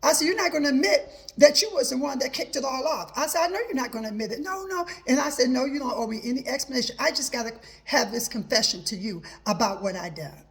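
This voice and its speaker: A woman's voice: high voice, animated, fast talker. A woman hosting a personal advice talk, telling her own story earnestly and quoting herself with many repetitions of "I said". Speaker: host.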